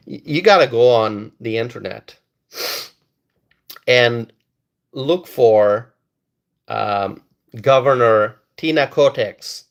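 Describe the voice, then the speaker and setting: A man's voice: mid-range voice, creaky. A man doing live-stream commentary and reading viewer comments, emphatic and repetitive, often stalling and restarting words.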